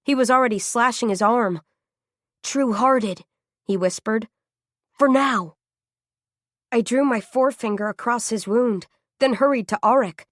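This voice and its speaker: A woman reading a first-person novel aloud as audiobook narrator, in a tense, dramatic, measured way. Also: on the high side, no echo, clean studio sound.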